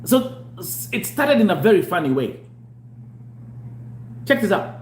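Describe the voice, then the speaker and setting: A man's voice: sits high, unhurried. A Kenyan man hosting a show, telling a story casually and acting out the dialogue, slipping into Swahili slang. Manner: animated, mixes English and Swahili slang, acts out dialogue. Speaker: show host. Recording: echoey room with faint hum.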